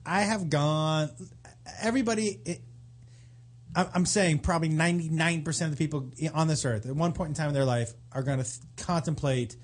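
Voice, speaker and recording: A man co-hosting a casual radio talk show, animated and swearing, with halting restarts. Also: a little high. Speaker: co-host.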